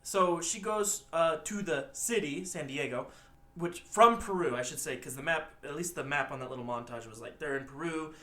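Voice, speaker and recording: A man's voice: fairly high pitch, normal speed. A man co-hosting a casual podcast movie review, joking around and acting out the characters. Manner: joking, animated, acts out characters. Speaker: podcast co-host.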